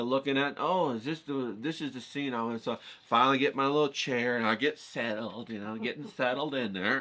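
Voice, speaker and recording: A man telling a casual, rambling story, animated and acting out the voices of the people in it. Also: on the low side. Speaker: painting vlogger.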